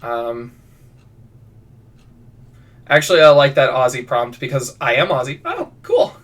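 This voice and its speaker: A man's voice: medium pitch, steady tone, unhurried, fairly bright tone. Rambling man streaming a bit off-mic. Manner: rambling, self-deprecating, many restarts. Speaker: fiction writer live-streaming. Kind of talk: casual stream chat, reading prompts. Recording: voice somewhat far from mic.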